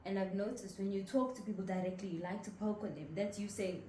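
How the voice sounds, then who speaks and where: A young woman from South Africa who talks about her feelings in a candid, matter-of-fact way. Her voice is mellow and warm. The recording has a roomy echo and a faint hiss. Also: mid-range voice, steady tone, fast. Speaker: podcast co-host, daughter. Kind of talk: casual heart-to-heart chat. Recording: echoey room with faint noise.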